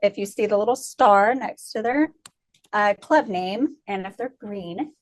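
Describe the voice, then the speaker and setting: A woman reading out team shoutouts in a meeting, bubbly and cheering between each item. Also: medium pitch, unhurried. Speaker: presenter of shoutouts. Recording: noisy call audio.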